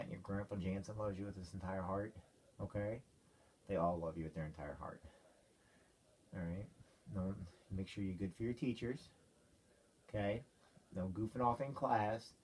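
A man talking to his young daughter at home at bedtime, loud and teasing, ending lines with "okay?". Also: on the low side. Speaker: father.

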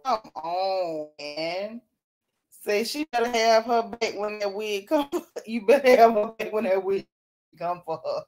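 Lively lady gossiping and reading chat, laughs a lot, kinda high voice. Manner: animated, laughing, Southern-style slang. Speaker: host. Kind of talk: casual chat reading a live chat.

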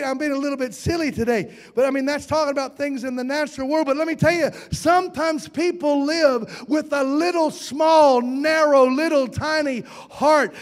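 A man preaching a sermon, folksy and playful, often asking the congregation questions. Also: extremely high pitch. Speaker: pastor. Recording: hall reverb.

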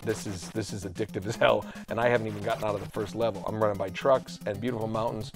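A man casually bantering while playing an old video game, self-mocking and breaking into excited outbursts. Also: on the low side, fast talker, over music. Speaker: game show co-host. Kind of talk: casual let's-play banter.

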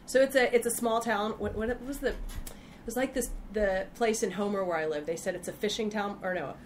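A woman's voice: medium pitch, brisk, a little hiss or hum. A woman from Texas with a Texan accent, the guest, chatting casually and joking with asides as she tells stories. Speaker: guest, freelance writer. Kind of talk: casual conversation.

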